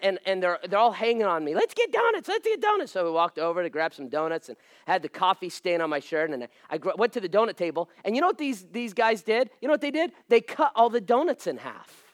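High-voiced pastor telling a funny story. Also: male voice, no room sound, clean studio sound. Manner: animated, self-mocking, acts out voices. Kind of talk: humorous sermon storytelling.

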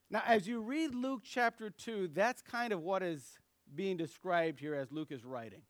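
High-voiced man telling a sermon story. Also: no room sound. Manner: animated storyteller, acts out quoted voices. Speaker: pastor.

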